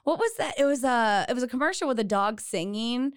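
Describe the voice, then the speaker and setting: A woman's voice: a little high, lively intonation, a little fast, smooth, dry recording, studio quality. A woman, chatting casually and giggling often as a podcast host. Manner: giggly, chatty, lots of fillers. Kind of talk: casual chat.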